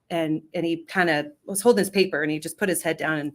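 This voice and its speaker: Candid lower-voiced woman coach. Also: fairly even intonation, fast talker. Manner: candid, emphatic, often tags "right?". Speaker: leadership coach and business founder. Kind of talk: storytelling in an interview.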